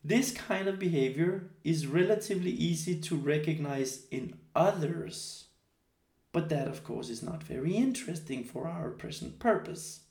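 A man who is not a native English speaker leads a group workshop. He talks haltingly, thinking aloud with many fillers. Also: on the high side, expressive, a little mellow. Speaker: workshop leader. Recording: echoey room.

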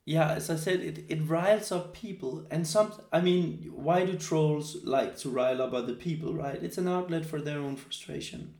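A man who is not a native English speaker leads a group workshop. He talks haltingly, thinking aloud with many fillers. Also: on the high side, a little mellow. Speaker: workshop leader. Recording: echoey room.

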